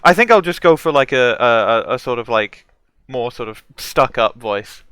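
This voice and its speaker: A man's voice: mid-range voice, lively intonation, moderate pace, fairly bright tone, clean tone, no room sound. A man chatting casually while recording a fan game dub, hesitant and stammering, with some swearing. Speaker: fan voice actor.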